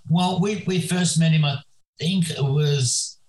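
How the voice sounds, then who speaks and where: A man in his sixties, a podcast guest, reminiscing in a rambling, halting way with many restarts. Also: fairly high pitch, darkish tone, a little hiss or hum, rough recording. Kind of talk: remote podcast interview.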